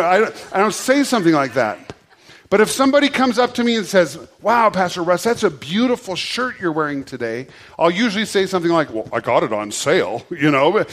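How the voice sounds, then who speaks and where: A pastor preaching a conversational sermon, leading his congregation to repeat phrases and often restarting words. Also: on the high side.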